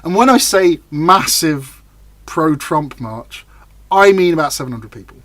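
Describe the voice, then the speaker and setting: A man talks through the news in a loose, rambling way, full of fillers and restarts. His voice sits a little high and sounds bright and forward. It is a casual podcast chat between friends. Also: animated, moderate pace. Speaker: podcast co-host.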